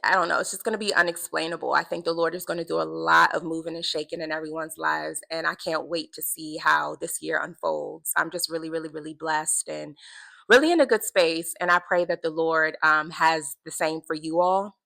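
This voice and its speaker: A woman talking to camera in a casual faith vlog, earnest and animated, repeating words for emphasis. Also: low-pitched, brisk, gravelly, rough recording. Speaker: vlogger keeping a video journal.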